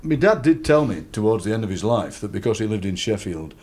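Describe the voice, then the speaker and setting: A middle-aged South Yorkshire man with a slightly husky voice tells comic anecdotes in a relaxed interview. His pitch swings up and down as he talks, and he laughs through his stories. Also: brisk. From South Yorkshire, England. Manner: chatty storyteller, laughing often, acting out voices in anecdotes. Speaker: poet and radio presenter, guest. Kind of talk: casual anecdotal interview chat.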